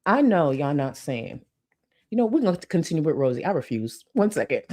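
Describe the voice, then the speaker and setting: A woman's voice: low voice, big pitch swings, a little fast, mellow. A young adult woman doing blunt, sarcastic reaction commentary, swearing freely as she talks back to a clip. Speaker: commentary YouTuber reacting to a livestream.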